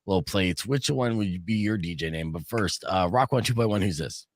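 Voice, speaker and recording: A man hosting a radio show, telling stories with lively voice imitations. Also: low voice, moderate pace. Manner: animated storyteller, mimics voices. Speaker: radio host. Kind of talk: morning radio banter. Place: radio studio. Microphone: studio broadcast mic.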